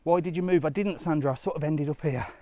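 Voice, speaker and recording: Slightly high and mellow, with a quick pace and no echo, this middle-aged man talks to his audience during a live walking vlog. He's a travel vlogger on an outdoor hillside walk, and the stairs leave him out of breath.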